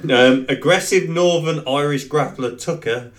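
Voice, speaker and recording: A man's voice: on the high side, a little slow. A man hosting a podcast, reading out news items in a jokey, giggly way. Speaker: podcast host, news reader. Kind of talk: casual chat.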